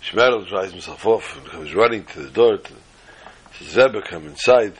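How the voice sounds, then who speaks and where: A man with a husky, breathy voice and a low pitch, telling a folk tale casually. He rambles, jokes at his own expense, and often stumbles over and repeats his words. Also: expressive, measured pace, poor audio. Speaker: storyteller. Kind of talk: casual spoken storytelling.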